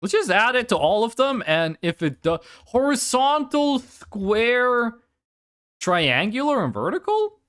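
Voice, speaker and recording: A game streamer chatting casually during a live gameplay session, swearing freely and bursting into excited exclamations, recorded on a desk microphone at home. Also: medium pitch, a little slow.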